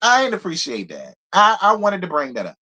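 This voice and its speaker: A man hosting a casual live recap of a reality TV show, talking in a gossipy, profane, animated way and laughing often. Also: high-pitched, brisk. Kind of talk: casual live review commentary.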